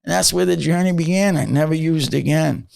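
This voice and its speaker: A man's voice: on the high side, a little fast, creaky, a little mellow, smooth, no echo. A man in his fifties, a podcast guest, telling his story in a rambling, casual way with many fillers and blunt swearing.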